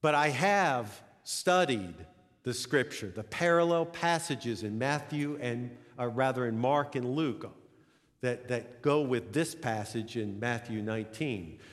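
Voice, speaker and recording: Pastor preaching in an echoing sanctuary. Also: male voice, mid-range voice, measured pace. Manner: storytelling, rising to emphatic peaks. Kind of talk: sermon. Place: church sanctuary. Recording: long hall reverb.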